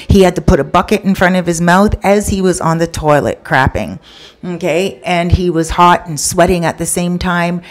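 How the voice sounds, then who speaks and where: A woman casually telling a true story, acting out everyone's lines with sudden jumps in pitch and chatty asides to the listener. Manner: retells with quoted dialogue, voicing each person with pitch jumps.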